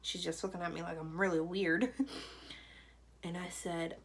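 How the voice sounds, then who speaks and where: Young girl vlogging her story, kinda low voice, rambly with lots of "you know", faint hiss behind. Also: little pitch movement, moderate pace, pauses often, low-quality recording. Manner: chatty, loose, full of "you know" and "like". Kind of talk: personal storytelling to camera.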